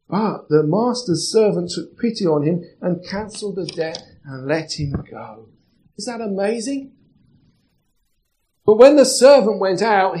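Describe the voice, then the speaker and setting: A man's voice: high voice, darkish tone, low-quality recording. A man preaching a sermon as pastor, chatty and putting questions to the congregation. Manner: conversational, asks the congregation questions.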